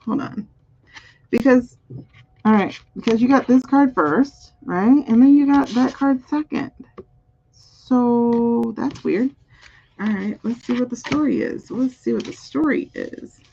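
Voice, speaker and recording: A woman's voice: a little high, measured pace, gravelly, warm tone, slight background noise. A woman doing a live-streamed spiritual card reading, musing aloud over the cards and chatting with viewers. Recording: dull, muffled audio.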